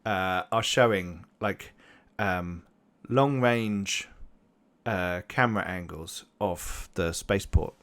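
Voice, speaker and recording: A man's voice: low-pitched, slow pace, fairly bright tone. A man narrating a tabletop game as game master, rambling with many fillers.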